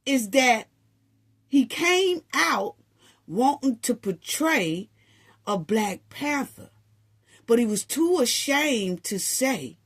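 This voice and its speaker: A woman's voice: fairly high pitch, sing-song, slow, slightly rough. A woman giving a sarcastic, scolding opinion monologue, full of rhetorical questions. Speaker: commentary vlogger.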